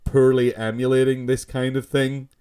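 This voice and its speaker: A man's voice: medium pitch, level tone, normal speed, warm tone, clear, resonant tone. A man co-hosting a casual film podcast, giving frank, opinionated takes and swearing casually. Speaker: podcast co-host.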